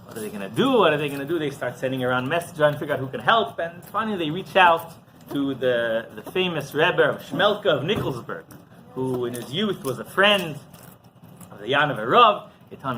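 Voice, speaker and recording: Animated rabbi telling a story. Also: male voice, fairly high pitch, a little hiss or hum. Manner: animated storyteller, quick asides to the audience. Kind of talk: storytelling Torah class.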